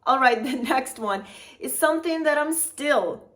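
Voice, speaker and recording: A woman's voice: high voice, expressive, a little slow, a bit bright. A woman travel vlogger giving friendly tips straight to her viewers, chatty and encouraging with frequent little laughs. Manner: chatty and encouraging, addresses viewers as "fabulous people", laughs often. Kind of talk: upbeat tips vlog to camera.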